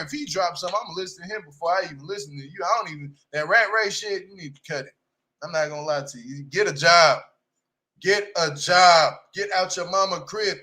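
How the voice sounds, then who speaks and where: A high-pitched man with a sharp, bright edge roasts reality show cast members in casual slang. He talks bluntly and heatedly, jumping from loud outbursts to low mutters. He mocks the people he talks about. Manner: swings loud and quiet, mock-imitates cast members. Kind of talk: casual reaction commentary.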